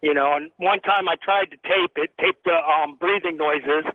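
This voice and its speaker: A man's voice: high-pitched, big pitch swings, normal speed, gravelly, no room sound. A male caller from Tennessee on a radio phone-in, earnestly telling a ghost story with frequent ums. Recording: tinny phone line.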